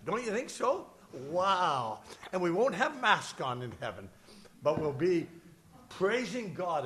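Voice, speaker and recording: A man leading a church service as pastor, emotional and chatty, fumbling with his notes and screen between warm asides. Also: sits high, big pitch swings, takes it slowly. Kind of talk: sermon with casual asides. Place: church service shared over video call.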